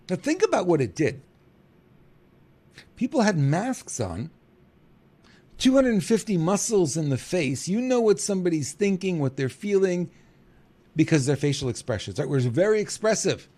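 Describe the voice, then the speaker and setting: A middle-aged man talking in a casual monologue as a podcast host, animated and chuckling, acting out quotes. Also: normal speed. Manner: animated, acts out quotes with big pitch jumps, chuckles.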